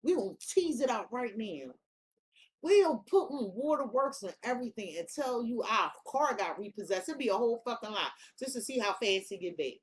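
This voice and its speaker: A woman's voice: a little high, animated, normal speed, slight background noise. A woman giving a casual tarot reading, talking bluntly with heavy slang and swearing. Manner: blunt, profane, slangy and emphatic. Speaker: tarot reader.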